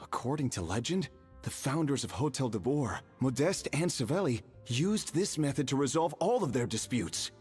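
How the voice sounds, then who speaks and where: An actor playing an earnest young companion recounting lore in a game, with a husky voice. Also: male voice, mid-range voice, big pitch swings, moderate pace, darkish tone. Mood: explaining. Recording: reverberant game audio with music.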